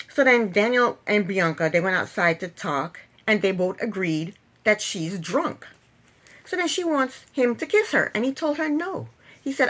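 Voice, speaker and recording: A woman's voice: on the high side, expressive, moderate pace, fairly bright tone. A woman casually recapping a reality TV episode, chatty and opinionated, retelling scenes and acting out quotes.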